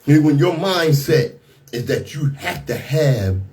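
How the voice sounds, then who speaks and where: A man's voice: on the high side, expressive, takes it slowly, a little mellow. A man hosting a radio talk show, giving outspoken, indignant commentary on the news and often repeating and restarting his words.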